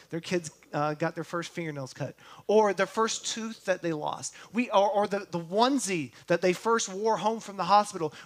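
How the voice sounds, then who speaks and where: A male pastor with a high voice delivers a sermon, speaking slowly and deliberately. He addresses his congregation directly with questions. He falls quiet and gentle on tender lines, then rises again on words of hope. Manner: earnest, drops to a hush on tender lines and rises on points of hope; talks straight to the congregation with questions.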